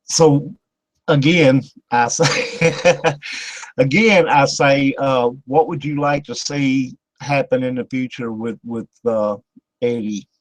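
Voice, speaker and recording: A man's voice: medium pitch, slow pace, no echo, low-quality recording. An older man hosting a talk-radio interview in a folksy, rambling way, with lots of fillers and laughter. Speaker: radio show host.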